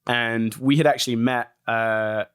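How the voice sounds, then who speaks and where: A man from England, a guest actor telling stories in a casual podcast interview, chatty and animated. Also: medium pitch, a little slow, smooth, no room sound, clean studio sound. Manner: chatty, animated storytelling with acted quotes.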